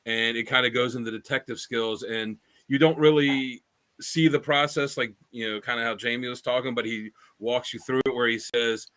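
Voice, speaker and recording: A man's voice: mid-range voice, steady tone, moderate pace, a bit bright. A man co-hosting a podcast, telling stories in a rambling casual chat with many fillers and restarts. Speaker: podcast co-host.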